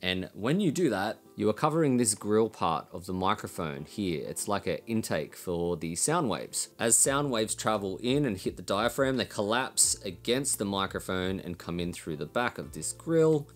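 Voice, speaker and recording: A man's voice: fairly low pitch, a bit bright. An Australian man with a nasal voice, explaining recording gear in a blunt, casual way and swearing now and then. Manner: blunt, swears casually, laughs between points. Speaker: recording studio educator.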